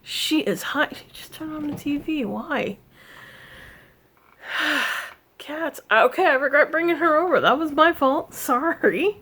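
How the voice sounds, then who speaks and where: A woman with a slightly high voice chats casually through a crafting vlog. She is easily distracted, laughs often, and breaks off now and then to scold her cat. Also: lively intonation, measured pace, pauses often, bright, forceful tone. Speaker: cross-stitch vlogger.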